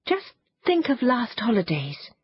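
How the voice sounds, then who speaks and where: Woman as cheerful girl, high, encouraging, breathy. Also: huge pitch swings, unhurried, lo-fi sound, full character voice. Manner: bright and encouraging. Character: cheerful, hopeful young girl.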